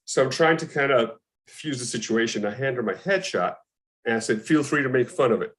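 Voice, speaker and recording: Man, actor guest, casual interview, animated storyteller, middle pitch. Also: a little fast. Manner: animated anecdotes, acting out other people's lines.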